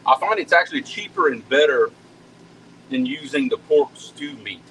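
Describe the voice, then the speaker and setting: A man's voice: mid-range voice, moderate pace, pushed and bright, a little hiss or hum, rough recording. Folksy man chatting while cooking. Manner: chatty, folksy, repeats words as he talks. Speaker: home cook hosting a live cooking stream. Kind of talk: casual cooking chat with viewers.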